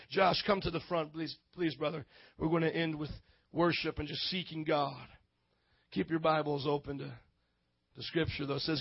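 A man preaching a sermon in church, fervent and calling out to the congregation, at times rising to shouts. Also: fairly high pitch, flat delivery, normal speed, creaky, breathy edge, dry recording, highs cut off.

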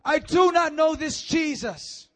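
A man voicing a panicked male disciple denying someone, loud and protesting in a raised voice. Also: extremely high pitch, animated, slow pace, pitched above the performer's own voice, heavily acted. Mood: indignant denial.

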